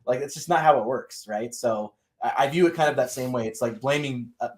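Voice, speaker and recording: A man's voice: mid-range voice, fairly quick. A man who makes crypto videos, speaking in a live panel discussion. He argues his point with emphatic rhetorical questions. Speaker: crypto content creator.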